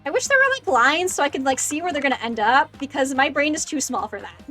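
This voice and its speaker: A young woman streams a game and chatters excitedly, often poking fun at herself. Her voice is high and lively, with big swings in pitch. She is close to the mic, and faint game music plays behind her. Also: fast. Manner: excitable, self-deprecating chatter. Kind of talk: casual gaming livestream chat. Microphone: close desk microphone.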